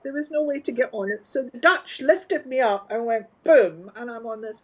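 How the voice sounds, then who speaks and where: A Scottish woman, a guest from the flower trade, telling stories in an animated, wry and emphatic way. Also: fairly high pitch, normal speed, breathy edge, low-quality recording. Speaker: interview guest, floral industry organizer. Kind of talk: conversational storytelling.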